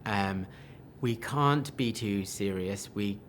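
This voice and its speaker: Man, film director, enthusiastic interview answers, animated, faint background noise. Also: fairly low pitch. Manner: animated, enthusiastic, quick restarts and quoted asides.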